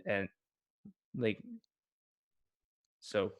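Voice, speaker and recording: A man's voice: lowish voice, steady tone, very slow. A man hosting a casual late-night livestream, chatting in a friendly, appreciative, rambling way. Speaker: livestream host.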